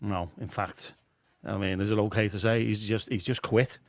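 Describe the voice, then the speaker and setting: A man's voice: lowish voice, steady tone, moderate pace, no room sound. A man with a Scouse accent, co-hosting a casual chat and teasing his guest. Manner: teasing, banter. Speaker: co-host.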